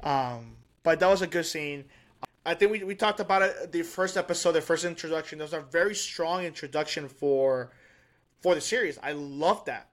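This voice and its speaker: A man co-hosting a podcast, chatting casually and excitedly, rambling with restarts and laughs. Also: on the high side, moderate pace. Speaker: podcast co-host. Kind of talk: casual chat.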